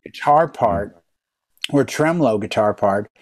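A man in his fifties, a DJ, telling animated stories in a casual conversation and acting out other people's lines. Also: fairly low pitch, measured pace. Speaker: DJ and podcast co-host. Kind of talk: casual chat.

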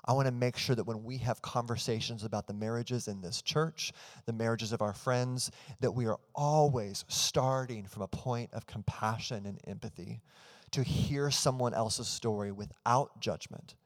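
A man in his thirties preaches to his church, his voice sitting at an ordinary middle pitch. He tells a family story with earnest conviction and then leads the room in prayer. His words ring out with a long reverb from the church hall around him. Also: normal speed. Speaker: pastor. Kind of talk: sermon.

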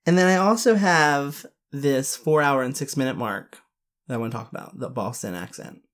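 A woman co-hosting a podcast in casual chat, animated and playful. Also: very deep voice, normal speed. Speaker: podcast co-host.

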